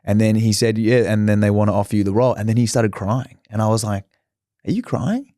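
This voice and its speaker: A young man talks in a candid, storytelling way and swears freely. His voice sits low for a man. The sound is dry and close, with little room behind it. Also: flat delivery, fast, dark tone, no room sound. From Australia. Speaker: actor guest. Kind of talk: casual interview chat.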